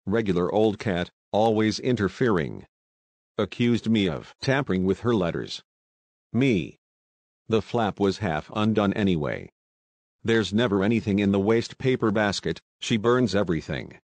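A man's voice: on the low side, expressive, moderate pace, a little mellow, no echo. A man reading the lines of a young housemaid in a storybook, blunt and complaining as she gossips.

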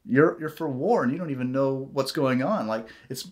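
A man's voice: medium pitch, normal speed. A man ranting in a solo vlog, heated and profane, going off on tangents and swearing often. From United States. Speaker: vlogger.

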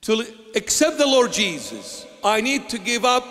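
High-voiced bishop preaching in a reverberant hall. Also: male voice, big pitch swings, a bit bright. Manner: rhetorical questions answered by himself, slow emphatic delivery. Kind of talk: sermon.

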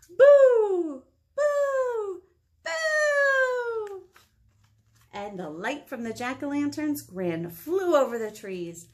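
A woman children's librarian reading a picture book aloud and asking the children questions as she goes. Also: medium pitch. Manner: animated, asks the children questions.

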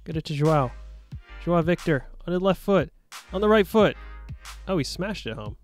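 A young man giving casual, playful commentary over his own gameplay, joking at his own expense and bursting into excited shouts during play. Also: fairly high pitch, moderate pace, soft background music. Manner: playful, self-mocking, excitable bursts while playing. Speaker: gaming YouTuber.

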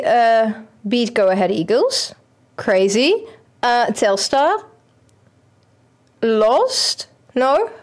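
A young woman, streaming a football manager game and chatting excitedly at it. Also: on the high side. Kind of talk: casual game commentary.

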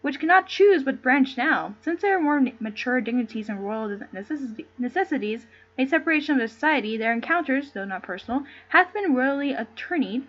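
A woman's voice: sits high, lively intonation, brisk, hardly any pauses, highs cut off. A woman reading a loyal male courtier. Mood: earnest. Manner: plain read-aloud delivery with stumbles. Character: loyal male courtier speaking in ornate verse.

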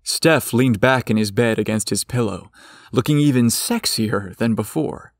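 A man narrating a scripted story in a slow, expressive way. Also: mid-range voice, no room sound, clean studio sound.

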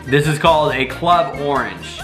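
Dude hosting a snack taste test vlog, teasing, game-show announcer vibe, music playing behind. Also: male voice, on the high side, expressive, normal speed. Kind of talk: casual family vlog. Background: background music.

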